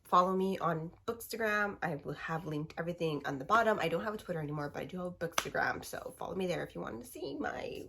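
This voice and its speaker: A woman in her twenties, still getting over a cold, ranting fast and animatedly in a casual book review. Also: fairly low pitch, lively intonation, gravelly, a bit bright, slight background noise. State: recovering from a cold. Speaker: book vlogger.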